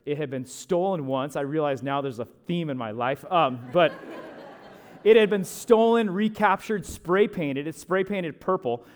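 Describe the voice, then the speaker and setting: A young man, a pastor, telling a chatty, animated story from the pulpit, with asides to the listeners. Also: a little high, a little slow. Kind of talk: storytelling sermon.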